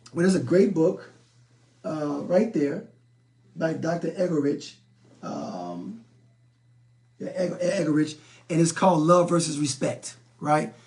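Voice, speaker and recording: On a live stream about relationships, a middle-aged man from the South Side of Chicago works through viewer comments. There's a rasp to his fairly high male voice, which comes across a little mellow. His delivery is preachy and direct, full of repeated words and stumbles.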